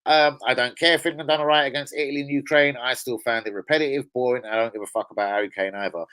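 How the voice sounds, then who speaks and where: A man's voice: medium pitch, steady tone, fast talker, fairly bright tone, clear, resonant tone, rough recording. Sweary, rambling man hosting a fan stream. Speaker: football fan channel host. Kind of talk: casual livestream chat.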